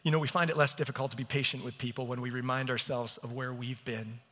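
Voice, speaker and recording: Earnest pastor preaching in a reverberant hall. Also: male voice, mid-range voice, little pitch movement, quick pace, a bit bright. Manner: earnest storytelling, self-deprecating. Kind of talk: sermon. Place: church hall.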